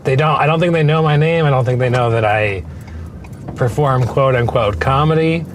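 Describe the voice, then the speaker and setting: A male comedian chats on an outdoor walk with a wry, halting delivery at an even, middle pitch. He breaks off and restarts, then slips in dry jokes. There is faint traffic noise behind him. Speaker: comedian guest. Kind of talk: casual chat.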